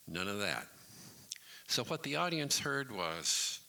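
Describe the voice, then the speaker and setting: A man's voice: low voice, sing-song, takes it slowly, noisy background. A man in his sixties telling a comic story from his college radio days on stage at a community hall, with dry timing and mock announcer voices. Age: 60s. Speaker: variety show storyteller.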